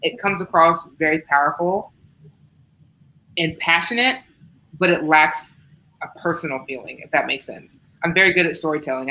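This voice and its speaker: Woman from Southern Ohio, very low voice, bright and forceful, monotone delivery, interview guest. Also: rough recording. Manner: fairly monotone yet forceful storytelling. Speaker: writer, panelist. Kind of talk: interview answers. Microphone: video call.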